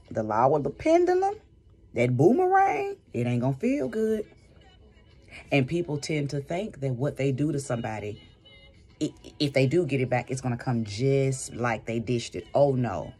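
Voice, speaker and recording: A woman's voice: a bass voice, mellow, slightly rough. A woman who does spiritual readings, giving an emphatic advice monologue and repeating phrases for stress. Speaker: spiritual reader and vlogger.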